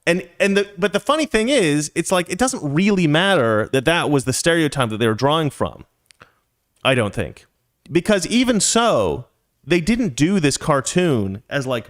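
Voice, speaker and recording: Male host telling a long casual story, lively pitch, joking asides. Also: normal speed. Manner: animated, chatty, jokey asides. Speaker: podcast host.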